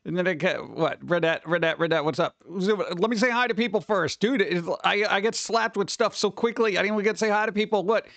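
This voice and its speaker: A man hosting a casual live stream, rambling excitedly and greeting chat members by name. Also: high-pitched, fairly quick, few pauses, no echo. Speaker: livestream host.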